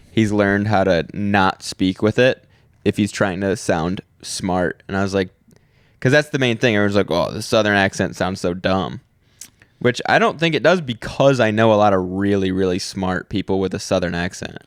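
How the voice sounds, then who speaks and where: A man's voice: fairly low pitch, dry recording, studio quality. A man co-hosting a podcast, chatting casually in an easygoing, rambling way and laughing often. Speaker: podcast co-host. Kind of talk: casual chat.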